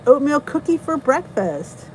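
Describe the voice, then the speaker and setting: A woman's voice: high voice, big pitch swings, unhurried, a little mellow, a little hiss or hum, low-quality recording. Chatty middle-aged woman hosting a live chat. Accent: New Jersey. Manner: chatty, greets viewers, laughs at herself. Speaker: channel host reading live chat. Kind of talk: casual live-stream chat.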